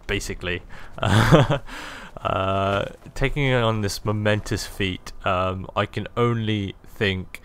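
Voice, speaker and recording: Jokey lad commentating a game. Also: male voice, on the low side, slow, a bit bright, smooth. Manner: jokey, rambling, self-amused. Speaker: gaming video host. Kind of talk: casual gameplay commentary.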